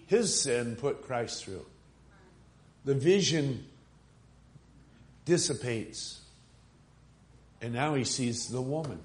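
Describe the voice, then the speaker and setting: A male preacher with an ordinary, middle-pitched voice gives a sermon, telling a story conversationally and stopping to ask his listeners rhetorical questions. He moves from quiet musing to rising, emphatic appeals, swelling into strong, pleading exhortations.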